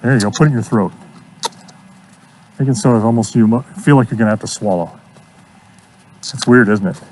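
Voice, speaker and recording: A man coaching a student through horse training outdoors, giving steady encouragement and repeating his praise. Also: medium pitch, brisk, slight background noise. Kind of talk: hands-on coaching.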